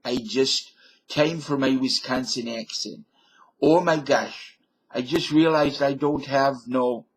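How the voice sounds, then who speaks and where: A man's voice: medium pitch, breathy edge. An older man, rambling folksy to his webcam with jokes and digressions. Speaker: vlogger. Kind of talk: rambling monologue to camera.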